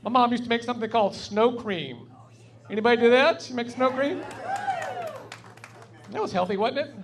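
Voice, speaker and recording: A man's voice: extremely high pitch, lively intonation, normal speed, a faint crowd. A man with a Southern US accent from North Carolina doing a stand-up comedy set on a club stage, telling folksy, wry stories into a stage mic. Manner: folksy, wry storytelling delivery.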